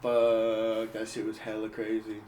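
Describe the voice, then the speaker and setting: Young man, podcast host, casual storytelling, animated, profane, high-pitched quoted voices. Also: measured pace, echoey room, distant mic, a little hiss or hum. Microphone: portable recorder.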